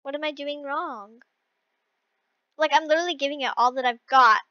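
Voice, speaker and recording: A young girl talking through an obstacle-course game she is playing, excitable, often shrieking when she fails and pleading with her viewers for help. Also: sits high, moderate pace, no echo, lo-fi sound. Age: child. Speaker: gaming video creator. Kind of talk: casual gameplay commentary.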